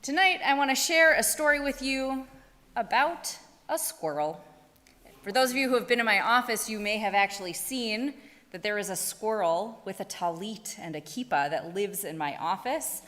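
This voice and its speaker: A woman telling a story to her congregation with an expressive, animated delivery. Her pitch swoops widely up and down. Her voice trails off into the long reverb of a synagogue sanctuary. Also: moderate pace.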